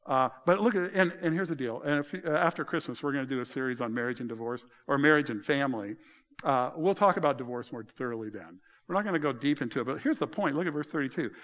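A middle-aged male pastor preaching a sermon, telling stories in an animated way and raising his voice high when he retells dialogue. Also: fast talker. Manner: animated storytelling, voice rising high in retold dialogue.

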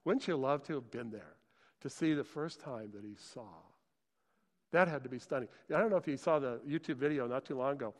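Animated preacher in a reverberant hall. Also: male voice, medium pitch, a little fast. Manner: animated storytelling, acts out scripture voices, enthusiastic exclamations. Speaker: pastor. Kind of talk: sermon.

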